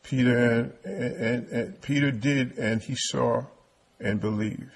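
Husky guy preaching slow, keeps repeating himself, reads old-style bible verses. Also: medium pitch, fairly even intonation. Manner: repetitive, stammering delivery; quotes King James scripture. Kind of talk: sermon.

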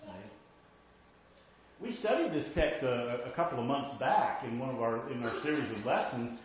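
A man's voice: mid-range voice, lively intonation, normal speed. A man preaching a sermon, explaining a Bible passage step by step and checking in with the congregation. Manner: explanatory, repeats "okay?" often. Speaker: pastor. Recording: very echoey room.

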